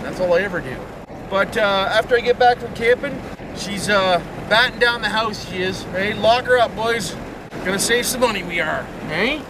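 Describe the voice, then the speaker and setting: A man with an Ontario Canadian accent talks in a rambling driving vlog, tagging his lines with "it is" and "boys". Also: high-pitched. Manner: rambling, tags lines with "it is", "boys", "friggin' right". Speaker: vlogger. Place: inside a van, driving with a window open. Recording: windy, from a distance in a car.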